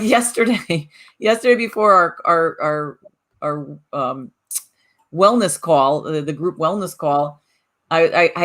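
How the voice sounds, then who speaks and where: A woman co-hosting a talk podcast in an animated, casual chat, often restarting her sentences. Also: deep voice. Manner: animated, repeats words when restarting. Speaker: podcast co-host.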